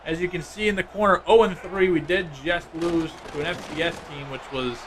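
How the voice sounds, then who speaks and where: A man streaming a football video game, giving casual, excitable play-by-play and chatting with viewers. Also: a little high, fairly quick, background noise. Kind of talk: live gameplay commentary.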